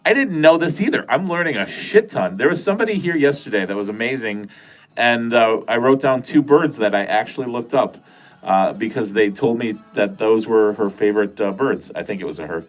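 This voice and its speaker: A man's voice: medium pitch, animated, brisk, soft background music. A man from Wisconsin with a nasal voice and a Wisconsin accent, rambling casually as a livestream host and swearing now and then. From Wisconsin, USA. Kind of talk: casual livestream chat with viewers.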